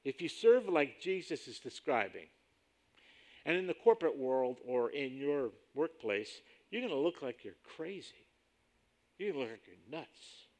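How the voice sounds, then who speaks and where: A man preaching a sermon as pastor, emphatic and rising sharply on key points, slowing down when he reads scripture aloud. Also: mid-range voice, big pitch swings, darkish tone. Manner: slows down to read scripture aloud.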